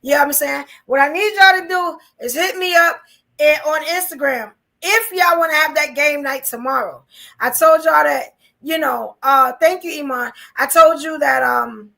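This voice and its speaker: High, gravelly-voiced woman podcast host. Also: moderate pace, bright, forceful tone. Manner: chatty, repeats "you know what I'm saying". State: losing her voice. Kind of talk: casual live-stream chat.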